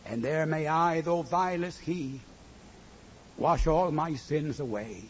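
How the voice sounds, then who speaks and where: Guy preaching slow in church, rises to big cries then drops quiet, kinda muffled with faint hiss. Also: fairly high pitch. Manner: slow rhythmic delivery, swinging from hushed to loud cries. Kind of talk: sermon. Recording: muffled recording with faint noise.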